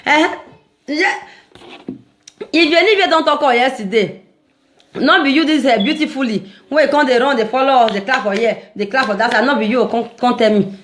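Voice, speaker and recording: A Nigerian woman talking casually to her followers in a vlog, animated and preachy, often laughing as she speaks. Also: high-pitched, normal speed. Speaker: social media vlogger.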